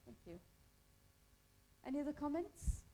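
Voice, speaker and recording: Woman, from Pakistan, somewhat high voice, workshop trainer, chatty, asks the group questions. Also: big pitch swings, a little slow, mellow, rough recording. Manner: conversational, quizzing the group. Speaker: hospital volunteer trainer. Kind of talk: workshop teaching.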